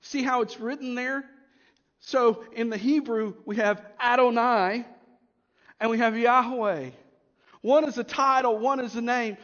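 A man with a strikingly high voice delivers a sermon as a pastor. He preaches emphatically, swelling on key points and sinking to a quiet hush. The sound is dull, with a long reverb from a large church.

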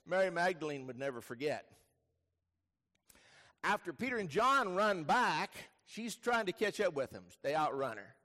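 A man preaching in a large church with a long, ringing reverb around his voice. His voice sits high, and he tells the story dramatically, sinking to near-whispers and then surging to loud exclamations. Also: sing-song, normal speed. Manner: storytelling preacher, swings between soft hushed lines and sudden loud bursts. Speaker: pastor. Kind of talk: sermon.

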